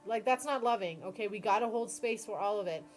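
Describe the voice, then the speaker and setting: Expressive woman reading tarot live. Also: medium pitch, a little fast, faint music behind. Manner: expressive, swears freely, acts out dialogue. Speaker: tarot reader. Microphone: phone or computer mic on a live stream.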